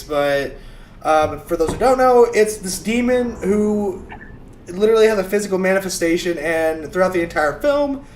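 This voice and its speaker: A man chatting on an online call, rambling and swearing freely as he explains things. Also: sits high. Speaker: player on a show. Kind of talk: casual banter on an online call. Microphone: online call mic.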